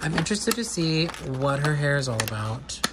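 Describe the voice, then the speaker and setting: A man chatting casually and gushing while unboxing a doll, with quick excited asides. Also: on the high side, very noisy. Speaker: doll collector vlogger. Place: indoor room with air conditioner hum.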